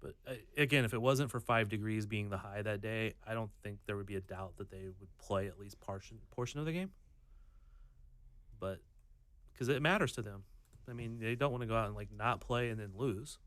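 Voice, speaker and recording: A man with a somewhat low voice talks through his view of a match. He often restarts and hedges as he thinks, and the sound is dry and close. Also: brisk, a bit bright, dry recording. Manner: hesitant, restarts and thinks aloud. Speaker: podcast co-host. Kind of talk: casual sports chat.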